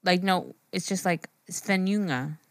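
A woman's voice: mid-range voice, animated, moderate pace, fairly bright tone, no room sound. A woman co-hosting a casual podcast, teasing and laughing as she talks. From United States. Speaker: podcast co-host. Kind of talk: casual chat.

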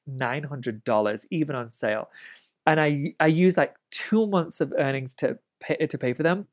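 A woman in her late thirties telling stories as an interview guest, animated, laughing often and swearing freely. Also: low-pitched. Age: late 30s. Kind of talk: casual storytelling.

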